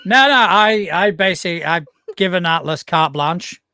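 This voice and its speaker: A man's voice: high voice, lively intonation, normal speed, pushed and bright, clean tone, dry recording. A middle-aged British man co-hosting a podcast, chatting casually with wry, dry jokes. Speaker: podcast co-host. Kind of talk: casual chat.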